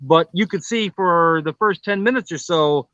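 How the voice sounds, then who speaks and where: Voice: mid-range voice, moderate pace, a bit bright, no echo, muffled recording. A comedian in casual chat, recalling an old television appearance and laughing easily. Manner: laughs often, chatty recollection.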